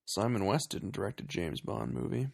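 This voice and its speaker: A man's voice: fairly low pitch, normal speed, vocal fry, slightly rough, no room sound, clean studio sound. A man co-hosting a casual comedy podcast, recapping a movie with lots of laughter and acted-out quotes. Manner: animated, laughs often, acts out quoted lines in silly voices. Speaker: podcast co-host.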